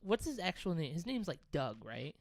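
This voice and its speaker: A man's voice: a little high, sing-song, moderate pace, vocal fry, dry recording. A man co-hosting a podcast, chatting loosely and swearing freely about TV shows. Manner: loose, profane, laughing. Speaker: podcast co-host. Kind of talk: casual chat.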